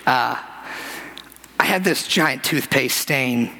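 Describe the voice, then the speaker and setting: A man's voice: mid-range voice, takes it slowly, creaky, bright, forceful tone. A young man preaching a sermon in a conversational, self-deprecating storytelling manner, getting emotional and close to tears. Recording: music playing behind.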